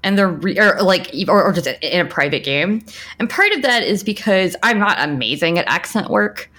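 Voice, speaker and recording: A woman from the American South chatting casually as a podcast co-host, strident and loud, with many restarts. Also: fairly low pitch, moderate pace. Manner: animated, many restarts and repeated words. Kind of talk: casual chat.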